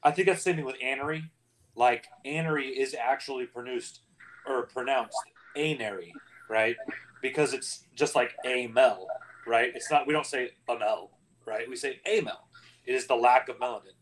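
A man's voice: medium pitch, fairly even intonation, moderate pace, fairly bright tone, poor audio. A man hosting a casual podcast round table, rambling and self-deprecating. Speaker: podcast host.

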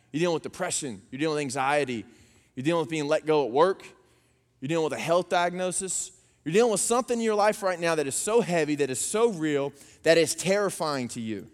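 A man's voice: a little high, fast. Man preaching in a reverberant hall. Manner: animated, folksy preaching with storytelling. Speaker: pastor. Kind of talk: sermon.

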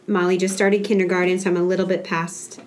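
A woman's voice: fairly low pitch, level tone, quick pace. A woman in her thirties chatting casually and reflectively about parenting, rambling a little. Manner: reflective, slightly rambling, with many restarts. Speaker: podcast co-host, mother of a kindergartner. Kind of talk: casual chat.

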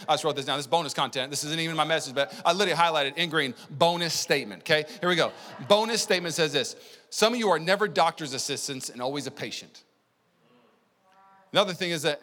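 A man preaching a sermon as pastor, conversational and energetic, telling stories to the congregation. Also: fairly high pitch. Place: church sanctuary. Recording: long church hall reverb.

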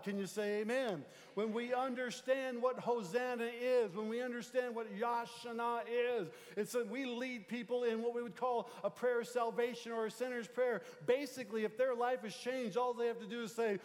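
A male pastor preaches a sermon with a noticeably high voice. His voice rings out with a long hall echo in the sanctuary. He swings from forceful, emphatic calls to hushed, low stretches. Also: normal speed. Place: church sanctuary. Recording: long reverb of a large church hall.

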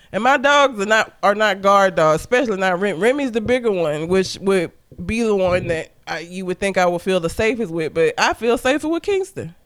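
A man from Alabama with a Southern accent, co-hosting a podcast in a loose, swearing, laugh-filled chat. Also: high-pitched. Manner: animated, laughs often, swears freely. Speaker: podcast co-host. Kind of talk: casual chat.

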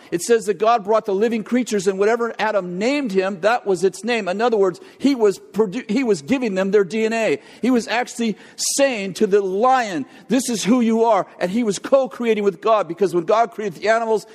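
An older man preaching a sermon, telling a jokey family story in an animated way. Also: sits high. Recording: long hall reverb.

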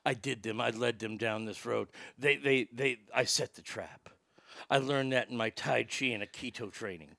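A hushed, mumbling action-star tough guy, put on by a man on a podcast, with a voice dropped far below his usual. It comes out soft and low, with a dry close sound. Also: moderate pace, vocal fry, dry recording. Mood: smug.

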